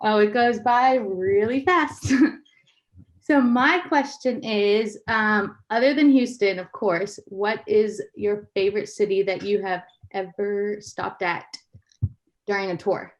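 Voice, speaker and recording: A woman's voice: medium pitch, slow. A woman asking a question over a video call, friendly and polite. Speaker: caller. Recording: muffled video-call audio.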